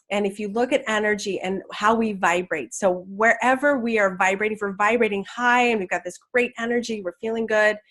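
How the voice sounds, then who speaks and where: A woman's voice: medium pitch, a bit bright. Chatty woman teaching law of attraction. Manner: chatty, enthusiastic, many restarts. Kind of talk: casual instructional talk.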